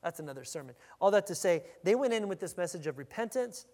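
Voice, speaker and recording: A male pastor with a high, bright voice preaches at a quick pace, energetic and emphatic, repeatedly restarting as he doubles back. His words echo at length through a big church sanctuary.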